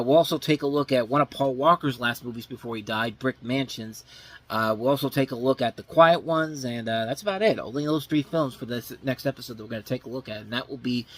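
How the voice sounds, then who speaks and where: A man's voice: medium pitch, a bit bright. A man hosting a film review show, talking casually in a blunt, sarcastic way, swearing freely and rambling with frequent self-corrections. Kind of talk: casual unscripted movie review.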